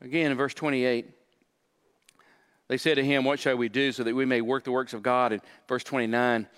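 A man's voice: mid-range voice, flat delivery, moderate pace, a bit bright, clear, resonant tone. A man, a pastor, preaching a sermon and acting out the voices of the people he quotes.

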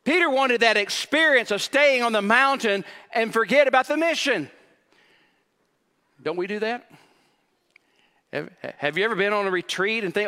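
High-voiced emphatic preacher in a hall. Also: male voice, animated, normal speed, long pauses, bright, forceful tone. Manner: emphatic, repetitive rhetorical questions. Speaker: pastor. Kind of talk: sermon.

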